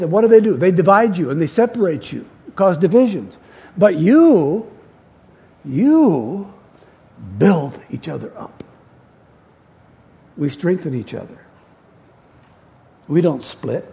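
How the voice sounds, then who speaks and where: A man's voice: high voice, warm tone, husky. A middle-aged male pastor preaching a sermon, emphatic, repeating key words and asking the congregation questions.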